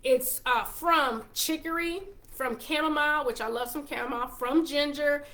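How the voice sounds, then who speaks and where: A woman's voice: high voice, moderate pace, pushed and bright. A woman with a Texas accent hosting her own show, talking casually to viewers about a product and reading off long ingredient lists in an upbeat, chatty way. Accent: Texan. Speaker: show host and wellness consultant.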